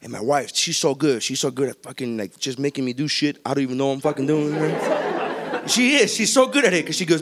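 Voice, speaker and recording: Man, higher-pitched, stand-up comic, casual podcast banter, swears a lot, acts out quotes. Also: brisk, slight background noise. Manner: profane, animated, acts out quoted voices. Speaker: stand-up comedian. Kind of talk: casual podcast chat, storytelling.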